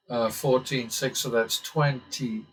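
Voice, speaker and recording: Male host, casual, mutters through the math with dry asides and the odd curse; mid-pitched voice. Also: fairly bright tone, low-quality recording. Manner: muttering calculations, occasional swearing, wry asides. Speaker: blackjack strategy channel host. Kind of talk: casual commentary while playing simulated blackjack.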